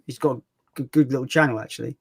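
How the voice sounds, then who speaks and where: A man hosting a casual livestream chat, talkative and quick to laugh. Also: mid-range voice, steady tone, creaky, husky, no room sound. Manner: chatty, laughs often. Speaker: YouTube channel host.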